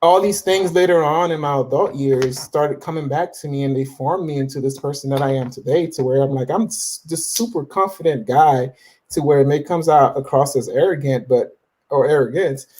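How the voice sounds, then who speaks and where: A man in his forties with a voice on the high side and a darkish tone speaks at a moderate pace. As an interview guest he tells his faith story casually, with self-assured conviction and plenty of restarts and fillers.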